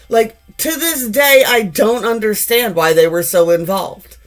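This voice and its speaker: A woman's voice: a little high, measured pace, few pauses, faint music behind. A woman in her forties giving a casual tarot reading, blunt and profane, rambling with frequent restarts. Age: 40s. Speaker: tarot reader.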